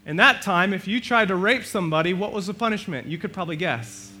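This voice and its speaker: A male pastor preaching a sermon, animated, swinging between loud and soft and acting out the quotes. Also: high-pitched, quick pace, husky.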